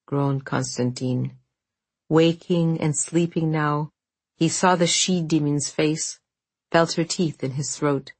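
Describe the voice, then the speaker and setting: Woman reading an audiobook, slow and low, husky, dry close mic. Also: level tone, no echo. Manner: measured storytelling. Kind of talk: audiobook narration.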